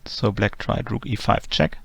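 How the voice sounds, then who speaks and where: Male chess instructor, heavy vocal fry, dry close-mic read, methodical delivery. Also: lowish voice, measured pace, dry recording. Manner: methodical, calm move-by-move explanation. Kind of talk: explanatory chess lesson narration.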